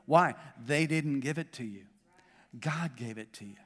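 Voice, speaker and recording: A male pastor with a Southern US accent preaches to his congregation in a church auditorium, his medium-pitched voice a little slow. He builds in intensity, then jokes with the crowd, and the recording carries a long hall reverb.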